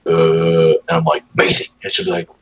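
A man's voice: low-pitched, wildly swooping pitch, racing, vocal fry, bright, forceful tone, slight background noise, rough recording. A man in casual chat, telling rambling, profane stories about his dogs and mimicking them. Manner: rambling storyteller, swears often, mimics his dogs in voices.

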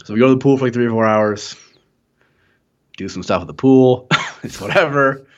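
Spinning out a lengthy tale, this young podcast co-host rambles, curses liberally and keeps breaking into laughter. He talks at a normal speed with a medium-pitched voice over a somewhat muffled, lo-fi recording.

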